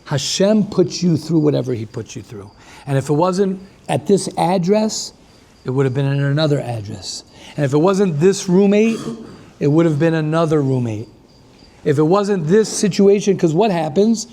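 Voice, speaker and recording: A man who is a rabbi giving a lively class, repeating himself and restarting often as he talks with the audience. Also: fairly high pitch, normal speed, gravelly.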